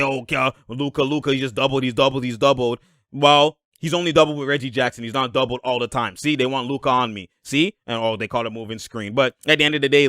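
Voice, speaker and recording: A man hosting a casual basketball breakdown over game footage, animated and laughing as he shouts at plays. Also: mid-range voice, no room sound, studio quality. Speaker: basketball video host.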